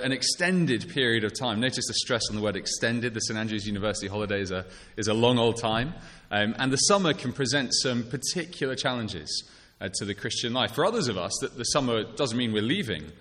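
A preacher in a reverberant church. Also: male voice, on the low side, a bit bright. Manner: measured, conversational, with frequent fillers and restarts. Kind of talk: sermon.

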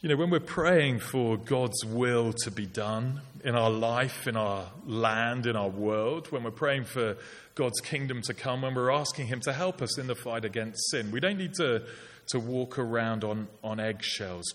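A man's voice: mid-range voice, measured pace, a bit bright. A middle-aged man preaching a sermon in a conversational way with wry asides. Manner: conversational, wry asides with put-on polite voices. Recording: long hall reverb.

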